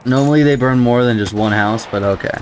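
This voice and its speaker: A man's voice: medium pitch, fairly quick, slight background noise. A man casually commenting on a video game as he plays, rambling and musing aloud with frequent startled exclamations. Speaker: gameplay commentator. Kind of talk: casual let's-play commentary.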